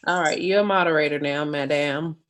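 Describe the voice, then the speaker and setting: A woman's voice: low-pitched, brisk, slight background noise. A woman co-hosting a casual live stream, teasing and slangy, easygoing as she reads out names. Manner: teasing, slangy, laid-back. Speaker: stream co-host.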